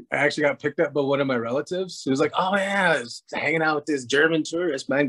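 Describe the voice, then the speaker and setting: Brief: man with a slightly high voice, laughing at his own stories. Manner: laughing, self-mocking anecdotes. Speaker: presenter. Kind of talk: casual storytelling talk.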